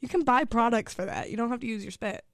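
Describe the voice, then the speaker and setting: A woman's voice: on the high side, fast talker. A woman co-hosting a casual podcast, teasing and laughing often. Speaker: co-host.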